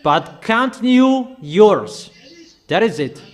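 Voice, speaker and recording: Man, high voice, preacher, emphatic, repetitive, accusatory sermon. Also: very animated, slow pace.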